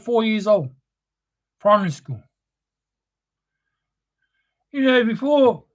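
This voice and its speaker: High-voiced man ranting with heavy swearing. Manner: heavy swearing, preachy and confrontational. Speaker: livestream host. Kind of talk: impassioned spoken-word monologue.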